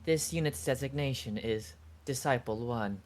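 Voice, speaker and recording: A man voicing a calm, formal artificial healer who speaks in stiff, mechanical phrases. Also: mid-range voice, normal speed, a little hiss or hum, lightly acted.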